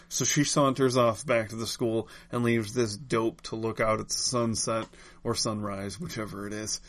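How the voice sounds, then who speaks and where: A man's voice: fairly low pitch, fairly even intonation, normal speed. A man hosting a podcast, recapping comics in a candid, wry way and swearing casually. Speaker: podcast host.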